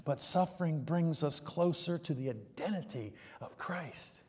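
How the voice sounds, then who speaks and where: A male preacher delivering a sermon, swinging between loud emphatic peaks and hushed low passages. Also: animated, a little slow, slightly rough, big-room sound.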